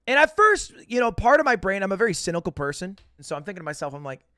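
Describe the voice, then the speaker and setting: A man's voice: high voice, big pitch swings, racing, pushed and bright, no room sound, studio quality. A man telling a casual, profane, self-mocking story as a podcast host.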